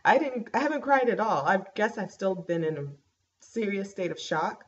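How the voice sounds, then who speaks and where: A woman's voice: mid-range voice, moderate pace. Chatty young woman on a laptop mic. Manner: chatty, animated storytelling with many fillers. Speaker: vlogger. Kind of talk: casual pregnancy update vlog. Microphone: laptop webcam mic. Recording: dull laptop mic with faint hiss.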